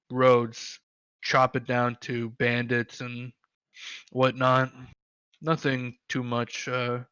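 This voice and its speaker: A man's voice: medium pitch, bright, forceful tone, smooth, no echo, lo-fi sound. A man voicing a local male dwarf who passes on rumors in a rambling, hesitant way.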